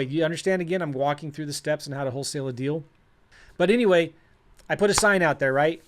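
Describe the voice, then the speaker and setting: A man, a real estate educator, telling a story to camera in an animated, self-mocking way, with many restarts. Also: fairly high pitch.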